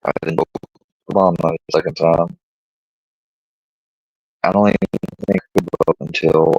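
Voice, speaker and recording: A very deep-voiced man with a gravelly, fry-laden edge talks casually on his livestream. He rambles from one story to the next and swears freely, and the sound is dry and close with little room around it. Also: no room sound, poor audio. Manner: rambling and profane, retelling stories. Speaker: livestream host.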